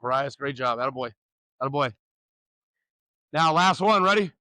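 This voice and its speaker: A man coaching young pitchers through a warm-up, loud and upbeat, teasing the players between drills. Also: expressive, normal speed, no room sound, clean studio sound.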